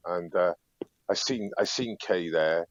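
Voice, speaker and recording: A man calling in to a live stream who talks in a halting, stammering way and chuckles between his words. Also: sits low, no room sound, muffled recording. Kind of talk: casual chat.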